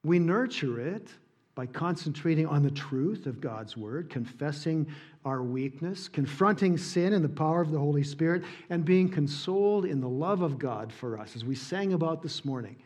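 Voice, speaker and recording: Earnest pastor preaching. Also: male voice, fairly high pitch, expressive, moderate pace. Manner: earnest, emphatic preaching that drops soft on key points. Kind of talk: sermon.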